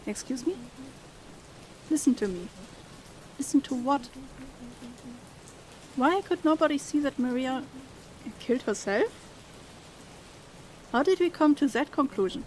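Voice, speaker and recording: A young woman, her voice sitting a bit high, plays through a story game. She reads each character's lines aloud with feeling and slips easily into relaxed chat with her viewers. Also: measured pace, pauses often, a little hiss or hum. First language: German. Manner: reads dialogue expressively, then chats casually. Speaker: streamer. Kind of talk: let's play, reading game dialogue aloud and chatting with viewers.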